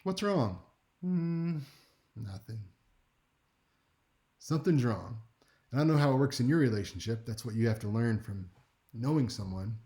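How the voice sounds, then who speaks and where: A man teaching a speech class in a relaxed, conversational lecture, with wry asides and frequent check-ins with his listeners. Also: mid-range voice, fairly quick. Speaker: speech instructor.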